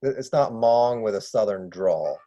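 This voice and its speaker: A man in an online workshop asking questions in a relaxed, slightly halting way. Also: lowish voice, muffled recording. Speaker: workshop participant. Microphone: video call.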